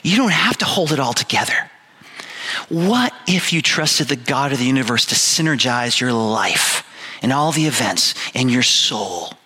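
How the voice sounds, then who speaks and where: Man, 50s, pastor, sermon, bright tone, candid, storytelling, emphatic repeats. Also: mid-range voice, big pitch swings, normal speed, breathy edge.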